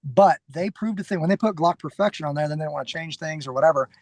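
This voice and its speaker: A middle-aged security trainer, guesting on a podcast, tells stories in a casual, animated interview style. His voice sits on the high side and moves fast; he acts out quoted lines and often restarts sentences, all in a dry recording.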